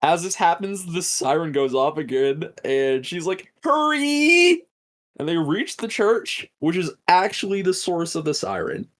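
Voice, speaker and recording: A man's voice: on the high side, moderate pace, few pauses. A man hosting a podcast, recapping a film in a casual, swearing storytelling style. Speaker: podcast host.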